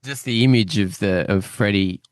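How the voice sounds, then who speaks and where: Low-voiced man gushing about a show. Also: normal speed, no room sound, clean studio sound. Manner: effusive, gushing with enthusiasm. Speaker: podcast co-host. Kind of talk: casual chat reviewing a TV episode.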